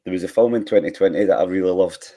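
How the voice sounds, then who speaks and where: A Scottish man with a very low, deep voice, co-hosting a podcast and rambling on enthusiastically. He uses plenty of fillers and restarts. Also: fast talker, dark tone, breathy edge. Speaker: podcast co-host. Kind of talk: casual chat.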